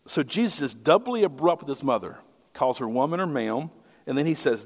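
A man's voice: on the high side, expressive, brisk. A middle-aged male pastor preaching a sermon in a conversational way, often putting rhetorical questions to his listeners. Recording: long hall reverb.

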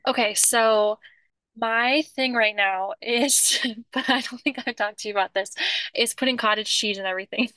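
Bright woman in dry close sound. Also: on the high side, moderate pace, no room sound. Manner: talkative, restarts sentences often. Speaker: podcast co-host. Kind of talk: casual chat.

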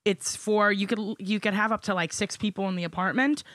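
A woman's voice: medium pitch, brisk, no room sound. Brash New York woman, comedian guest, swears freely, tells stories with energy, recorded dry. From New York City. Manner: blunt, profane, animated storytelling. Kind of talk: casual podcast chat.

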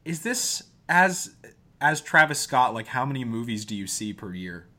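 A man's voice: medium pitch, sing-song, normal speed, sharp tone. A man in casual podcast chat, blunt and teasing, swearing freely. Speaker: podcast co-host.

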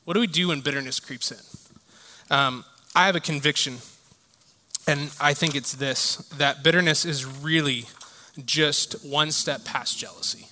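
A man in his thirties preaching a sermon, telling stories with animated energy and then dropping into quiet reflection. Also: fairly high pitch, a little slow. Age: 30s. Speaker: pastor. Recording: reverberant hall sound.

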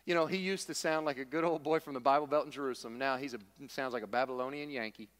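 A man's voice: medium pitch, steady tone, fast talker, a bit bright, big-room sound. A man preaching a sermon, emphatic and repetitive, with folksy humor. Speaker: pastor.

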